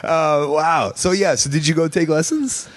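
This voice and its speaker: A man hosting a podcast who chats casually, rambling with halting restarts and frequent laughter. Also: on the high side, dry recording. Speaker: podcast host.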